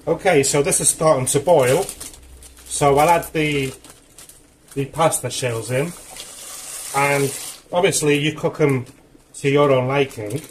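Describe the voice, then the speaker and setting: A man's voice: a little high, measured pace, pauses often, slight background noise, low-quality recording. A man cooking in his home kitchen, talking casually through the steps with chatty asides, a little out of breath. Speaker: home cook.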